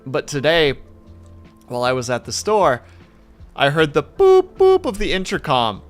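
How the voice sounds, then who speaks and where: A man streaming and telling stories in casual chat, animated and quick to swear. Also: fairly high pitch, soft background music.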